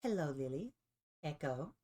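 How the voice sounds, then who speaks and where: A woman's voice: low-pitched, lively intonation, moderate pace, dark tone, slightly rough, distant mic. A woman voicing a sly, teasing winged young female foe in a tabletop game. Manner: teasing, mock-polite.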